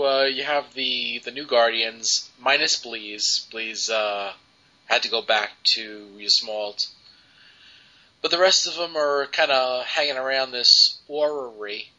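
A man's voice: medium pitch, takes it slowly, bright, forceful tone. A man co-hosting a podcast, reviewing comics in casual chat with many ums and restarts. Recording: dull lo-fi podcast audio.

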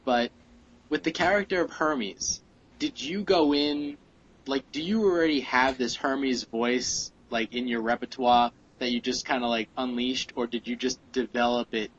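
A man co-hosting a podcast, asking questions in a halting way with many fillers. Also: mid-range voice. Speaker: podcast co-host. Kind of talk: casual interview questions. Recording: muffled podcast audio.

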